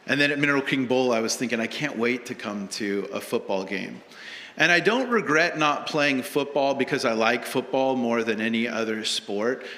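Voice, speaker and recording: A man's voice: mid-range voice, sharp tone. A male pastor preaching a sermon with a humorous, storytelling delivery in a church. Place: church sanctuary. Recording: long church hall reverb.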